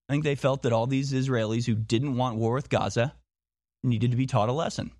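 A man's voice: medium pitch, steady tone, fairly quick, darkish tone, no room sound, studio quality. A man talking in a monologue, insistent, firing off repeated rhetorical questions and often restarting his sentences. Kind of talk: monologue commentary.

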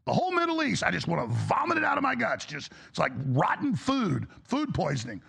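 A man's voice: high-pitched, huge pitch swings, normal speed, fairly bright tone. A male talk show host delivering an angry, exasperated political rant, blunt and profane. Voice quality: gravelly.

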